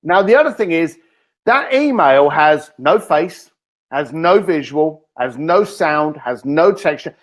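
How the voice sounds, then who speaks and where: Lively high-voiced man telling stories. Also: a little slow. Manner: energetic storyteller, acts out quoted lines. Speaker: guest author. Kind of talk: animated interview talk.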